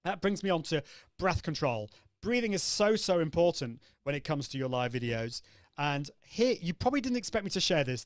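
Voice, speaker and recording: A man's voice: fairly high pitch, no room sound. Upbeat man coaching on a live stream. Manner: upbeat and demonstrative, chatting to viewers' comments. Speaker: host of a live-video coaching show.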